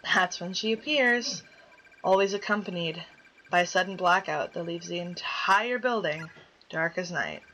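A woman's voice: fairly low pitch, measured pace, pushed and bright, slight background noise, poor audio. A woman playing a horror game on video, chatting casually, reading the story aloud and yelping at the scares. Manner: jokey, easily spooked, yelps at scares. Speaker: let's play gamer.

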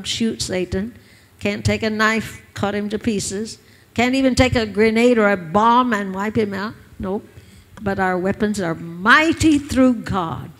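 A woman's voice: mid-range voice, a bit bright. A woman pastor preaching a sermon, urging her listeners with emphatic, repeated lines. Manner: emphatic, repetitive exhortation.

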